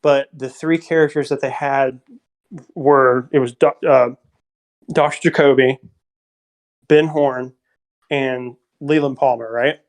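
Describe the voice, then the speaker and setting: Podcast guy, mid-pitched, lively storyteller, chatty film talk. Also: slow pace, pauses often. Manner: animated, acts out quotes, many fillers. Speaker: podcast co-host or guest. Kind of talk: casual film discussion.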